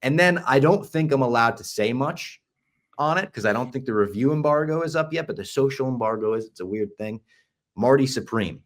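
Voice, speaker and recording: A man hosting a podcast, chatting casually and enthusiastically, sometimes dropping to a hush for asides. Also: mid-range voice, expressive, fairly quick. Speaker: podcast host.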